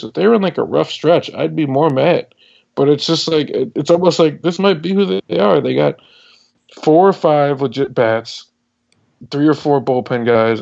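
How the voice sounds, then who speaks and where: A man's voice: a little high, creaky, darkish tone, muffled recording. A young man on a sports podcast, venting in a rambling, casual way and swearing now and then. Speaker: podcast co-host.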